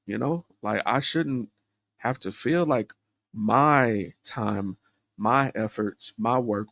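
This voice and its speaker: A man's voice: on the low side, fairly bright tone, no room sound. A man hosting a solo podcast, talking candidly and introspectively, rambling with fillers and restarts. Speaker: podcast host.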